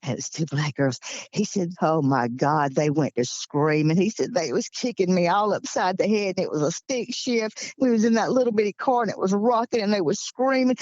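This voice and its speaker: A woman's voice: lowish voice, moderate pace, no echo, dull audio. A woman in her sixties from Georgia with a Southern accent, telling stories as an interview guest and acting out the voices of the people in them. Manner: lively storyteller acting out quoted voices. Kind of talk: storytelling in an interview.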